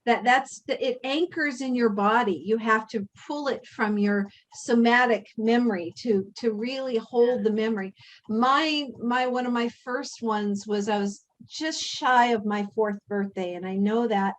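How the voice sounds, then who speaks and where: A woman hosting a spiritual workshop, speaking in a measured, earnest way and drawing the group in with questions. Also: on the high side, rough recording. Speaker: workshop host. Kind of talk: reflective spiritual talk.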